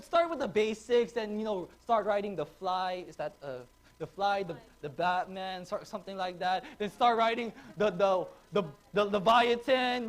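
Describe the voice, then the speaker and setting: A man, a pastor, preaching a sermon to a congregation, telling stories in an animated way and laughing often. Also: sits high. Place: church, before a congregation.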